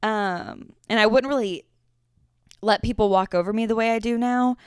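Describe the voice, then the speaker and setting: A woman's voice: a little high, fairly even intonation, normal speed, smooth, no echo, clean studio sound. A woman in her twenties hosting a casual solo podcast, telling stories in a chatty, swearing way. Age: 20s. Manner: chatty storytelling with frequent swearing. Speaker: podcast host.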